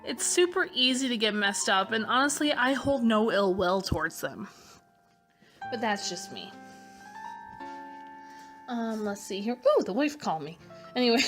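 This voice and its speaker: A young woman talking in a candid, rambling way in a casual voice-over, often trailing off and correcting herself. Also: on the high side. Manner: candid and rambling, with frequent fillers and self-corrections. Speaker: vlogger answering a tag. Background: clear background music.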